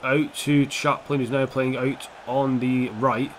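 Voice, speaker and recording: A young man giving casual, foul-mouthed commentary over his own football video game, switching between calm play-by-play and heated rants. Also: mid-range voice, slow, slight background noise. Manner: swears a lot, swings from calm play-by-play to heated outbursts. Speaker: gaming YouTuber.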